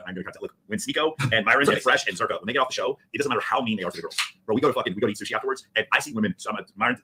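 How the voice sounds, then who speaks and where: A man on a podcast panel, telling animated, profane stories during a heated debate. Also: on the low side, breathy edge. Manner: rapid, animated, profane storytelling.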